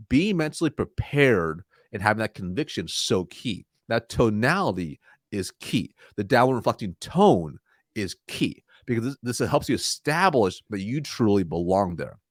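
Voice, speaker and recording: Energetic man coaching on sales calls. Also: normal speed, dry recording, studio quality. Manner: energetic, demonstrates weak and confident tones by shifting his pitch. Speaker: sales consultant, guest. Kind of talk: interview answers, coaching.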